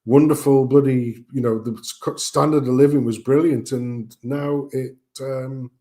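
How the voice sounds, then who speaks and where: A man's voice: medium pitch, steady tone, measured pace, warm tone. A middle-aged man, telling rambling family anecdotes in casual chat, joking and swearing as he goes.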